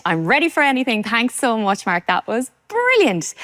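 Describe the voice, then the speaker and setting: An Irish woman hosting a children's science show with a bright, enthusiastic delivery. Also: a little high, very animated, moderate pace, hardly any pauses. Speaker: host. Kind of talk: children's TV presenting.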